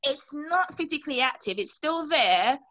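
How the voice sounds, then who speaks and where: A woman from Montserrat relives a frightening day for an interviewer, her pitch leaping high as she acts out each voice in the story. The recording is dry and a little dull. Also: expressive, moderate pace, fairly bright tone, no echo. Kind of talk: emotional personal recollection.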